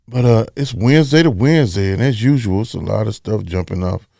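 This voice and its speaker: A man's voice: fairly low pitch, fairly quick, gravelly, mellow, no room sound. Man, casual host chatter, rambling, repetitive emphasis, dry room. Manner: loose, rambling, repeats phrases for emphasis. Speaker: podcast host. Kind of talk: casual talk-show chat.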